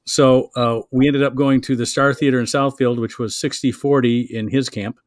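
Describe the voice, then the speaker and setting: A man's voice: mid-range voice, fairly even intonation, no room sound, studio quality. Rambling man spinning an anecdote. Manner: rambling, halting anecdote telling with many restarts. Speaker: comedian. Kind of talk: casual chat.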